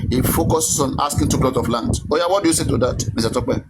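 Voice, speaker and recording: A man's voice: medium pitch, quick pace, very noisy. A man arguing in a heated online debate. He keeps insisting, repeats himself and demands to be heard. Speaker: debate participant.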